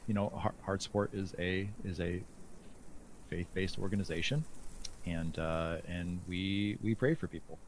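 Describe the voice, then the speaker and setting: A man with a low, deep voice talks slowly and haltingly, restarting his sentences and filling the gaps with fillers. A faint hum of room noise sits under his voice. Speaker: guest. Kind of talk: casual conversation.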